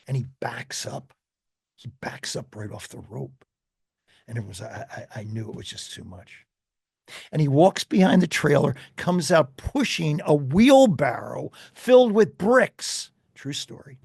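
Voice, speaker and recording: A man who is a life coach and a guest, telling an animated story with repeated restarts in a gravelly, husky voice. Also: a little high, no echo, clean studio sound. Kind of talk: storytelling in a conversation.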